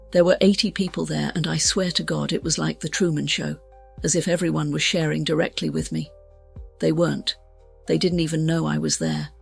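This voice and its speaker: A woman's voice: deep voice, vocal fry, breathy edge. A woman telling a personal testimony in an interview, frank and blunt, with a self-mocking edge. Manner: frank, blunt and self-mocking, voices her past self with urgency. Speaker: guest sharing a near-death testimony. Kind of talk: candid personal storytelling in an interview.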